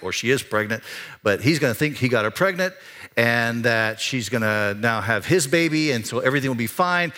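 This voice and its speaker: Bright-voiced man preaching a sermon. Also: mid-range voice, lively intonation, moderate pace. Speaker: pastor. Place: church sanctuary.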